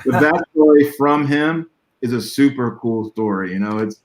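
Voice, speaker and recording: A man talks over a video call, spinning a long anecdote in loose, rambling sentences. His pitch sits in an ordinary middle range. He chuckles now and then and keeps an easy, conversational flow. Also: moderate pace, low-quality recording. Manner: rambling, animated storytelling with chuckles. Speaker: guest artist. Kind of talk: casual conversation.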